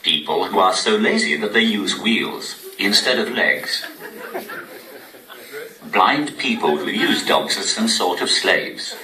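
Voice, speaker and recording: A posh synthetic male computer voice delivers stand-up comedy in a slow, deadpan manner. It sits low and swings widely in pitch. The recording is roomy and distant, with heavy noise underneath. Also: crowd noise. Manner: deadpan, evenly paced machine delivery. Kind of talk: stand-up comedy delivered through a text-to-speech voice. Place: cinema venue on stage before a laughing audience. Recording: echoey room, distant mic, loud noise.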